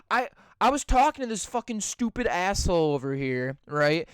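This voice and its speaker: A man's voice: high voice, lively intonation, moderate pace, hardly any pauses, smooth, no room sound, studio quality. A young man co-hosting a casual podcast, rambling and swearing constantly as he rants. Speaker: podcast co-host. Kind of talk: casual profane chat.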